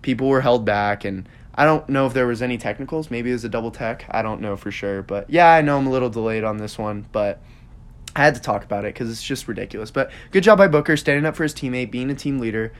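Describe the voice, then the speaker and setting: A man's voice: mid-range voice, quick pace. A young man hosting a podcast, rambling through sports opinions in casual chat with lots of fillers. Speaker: podcast host.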